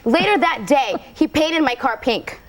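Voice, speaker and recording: A woman's voice: high-pitched, expressive, measured pace. A woman in her twenties, a talk show guest, chatting in a bubbly, rambling way and laughing often. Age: 20s. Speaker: guest actress. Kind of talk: casual talk show chat.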